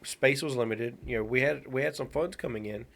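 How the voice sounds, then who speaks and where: A man's voice: medium pitch, brisk, vocal fry, a bit bright. A man in his thirties, a podcast co-host, chatting casually and telling a long story with many restarts. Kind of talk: casual chat.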